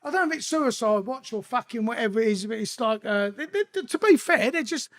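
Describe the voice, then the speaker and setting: A middle-aged London man talking in a high, light voice. He rambles through streetwise stories in a casual interview, swearing freely and doubling back on himself. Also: expressive, fast, fairly bright tone. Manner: rambling, profane, streetwise anecdotes.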